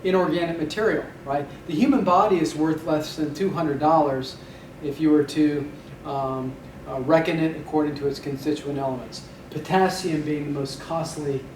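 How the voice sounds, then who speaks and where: A man teaching Hebrew vocabulary in a recorded lecture, repeating each word for drilling and slipping in dry puns. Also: fairly high pitch. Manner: dry punning humor, drills words by repeating them. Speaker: Hebrew instructor. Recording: echoey room, mic at a distance, faint background noise.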